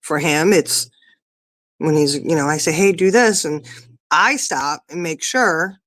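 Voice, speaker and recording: A woman's voice: low-pitched, takes it slowly, fairly bright tone, no echo. A woman in her fifties chatting casually, telling rambling stories about her kids. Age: 50s. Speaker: podcast guest or co-host. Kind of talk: casual chat.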